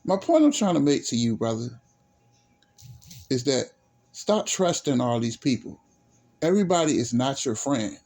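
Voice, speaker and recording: A man's voice: mid-range voice, very animated, normal speed, long pauses, a little mellow. Blunt, profane man ranting to camera. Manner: blunt, profane and repetitive, lecturing. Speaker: YouTuber. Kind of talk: direct-to-camera rant.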